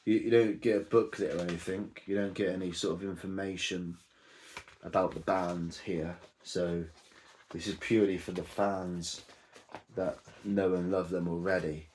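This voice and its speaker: A man's voice: low-pitched, little pitch movement, moderate pace, darkish tone, a little hiss or hum. A man casually reviewing a music box set, rambling with many ums and self-corrections.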